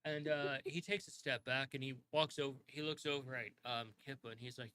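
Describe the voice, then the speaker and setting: Gm guy narrating the scene, bright voice, rambly. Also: mid-range voice, steady tone, brisk, few pauses, a little hiss or hum, low-quality recording. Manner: rambling, full of fillers and restarts. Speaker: game master. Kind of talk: narrating a tabletop game.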